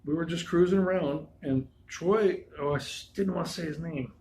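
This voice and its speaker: A man's voice: on the high side, moderate pace, darkish tone, low-quality recording. A man with a slightly raised voice tells a casual, loose story from his own life. He wanders off into asides and restarts as he goes. A faint hum sits behind him.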